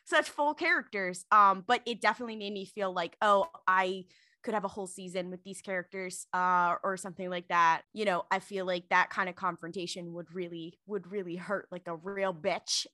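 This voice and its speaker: A woman co-hosting a casual review podcast, talking in an animated way with lots of fillers. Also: mid-range voice, normal speed, dry recording. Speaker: podcast co-host.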